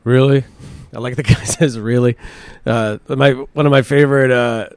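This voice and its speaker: A man hosts his own comedy podcast solo, riffing on news stories and his week in a medium-pitched, fairly even voice at normal speed. He's crude and rambling, swears often and laughs at himself. The recording is dry.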